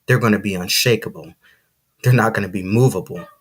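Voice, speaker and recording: A man's voice: fairly low pitch, a little fast, slightly rough. Preachy, emphatic man hosting a podcast. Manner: preachy and emphatic, repeats phrases, says "see"; excited, talks to listeners directly. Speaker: podcast host. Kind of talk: motivational live-stream monologue.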